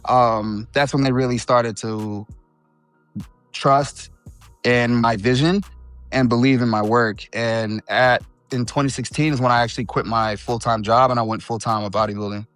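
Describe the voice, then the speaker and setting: A man in his thirties, a bodybuilding champion talking casually as a guest in an interview, easygoing and quick to laugh. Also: medium pitch, no room sound, faint music behind. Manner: relaxed, laughs easily, says bro and you know.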